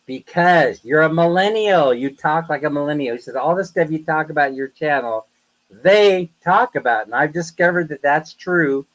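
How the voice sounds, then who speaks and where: A man with a slightly high voice chatting casually on a live stream. He rambles through stories with animated energy and talks straight to his viewers. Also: moderate pace, poor audio. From United States. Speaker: livestream host.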